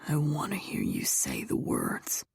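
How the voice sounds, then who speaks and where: A woman voicing an intense young male lover in a whispered role-play, with a low, husky, coaxing whisper. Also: huge pitch swings, slow, no room sound, heavily acted. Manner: coaxing, insistent.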